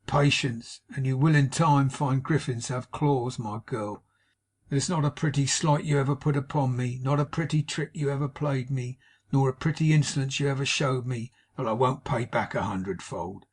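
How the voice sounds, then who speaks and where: A man with a husky voice playing a drunken, cruel young husband who bullies and sneers at his wife in an audiobook. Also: mid-range voice, moderate pace, natural voice. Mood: contemptuous. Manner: snarling, contemptuous. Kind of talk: audiobook character voice.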